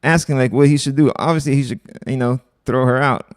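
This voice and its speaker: A man's voice: medium pitch, steady tone, brisk, no room sound, studio quality. A young man hosting a casual livestream, reading online posts aloud and commenting bluntly with profanity. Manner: blunt, profane, offhand asides.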